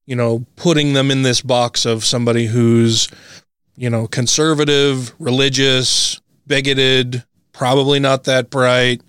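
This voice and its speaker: A man's voice: medium pitch, flat delivery, measured pace, a bit bright, clear, resonant tone, no echo, studio quality. A man co-hosting a podcast, chatting casually and candidly, swearing freely and laughing often. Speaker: podcast co-host.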